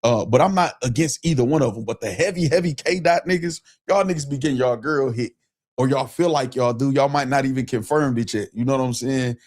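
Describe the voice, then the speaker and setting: A man hosting a casual livestream show, talking loosely in slang and reading shout-outs from the chat. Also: mid-range voice, a little fast.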